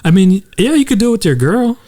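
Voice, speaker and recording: A man's voice: sits high, big pitch swings, fast talker, warm tone. A man co-hosting a podcast in casual chat, teasing dryly and backing his partner with short murmurs. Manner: dry teasing, many short backchannels. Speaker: podcast co-host.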